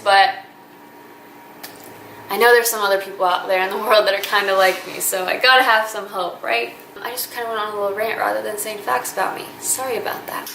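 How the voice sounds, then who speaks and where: A woman's voice: mid-range voice, steady tone, fairly quick, creaky, pushed and bright. A woman in her twenties talking earnestly to camera in a casual vlog, chatty and gushing with lots of fillers. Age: 20s. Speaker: vlogger. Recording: echoey room with faint ambient noise.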